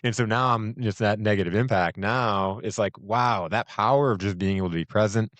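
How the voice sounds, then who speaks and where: Host, middle-aged man, deep low voice, dry close sound, rambling storyteller with fillers. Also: fairly quick, a bit bright, no room sound. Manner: storytelling with laughs and many fillers. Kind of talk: casual conversation.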